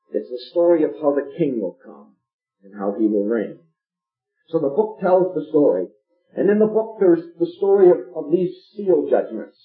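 An emphatic male preacher with a fairly high voice hammers his points home through repetition. The sound is thin and phone-like, with a roomy echo. Faint music sits underneath. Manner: emphatic, repeats phrases for effect. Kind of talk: sermon. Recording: echoey phone-like old tape recording.

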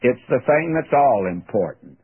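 Male radio Bible teacher, husky and earnest, folksy, tinny old broadcast sound. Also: medium pitch, lively intonation, normal speed. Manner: folksy, earnest, addresses listener as "my friend".

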